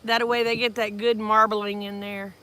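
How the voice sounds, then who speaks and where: A woman's voice: medium pitch, little pitch movement, moderate pace, pushed and bright. A woman, chatting folksily about her farm in a casual storytelling vlog. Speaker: farm vlogger.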